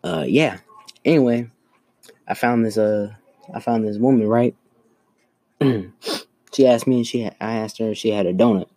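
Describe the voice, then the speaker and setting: A man's voice: fairly low pitch, fairly even intonation, normal speed, pauses often, mellow, no echo. A young man in loose, joking banter among friends. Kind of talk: casual banter.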